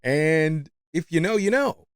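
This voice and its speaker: A man's voice: fairly high pitch, lively intonation, a little slow, clean tone, dry recording, clean studio sound. A man who learned English as a second language, hosting a podcast and chatting casually with lots of fillers and "you know". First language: not English. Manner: rambling, fillers, frequent "you know", laughs often. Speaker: podcast host.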